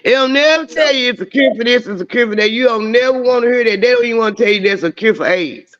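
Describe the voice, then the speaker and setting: In a casual chat, a woman with a slightly high voice talks quickly, telling stories with emphasis and swearing freely. The recording sounds dull and lo-fi.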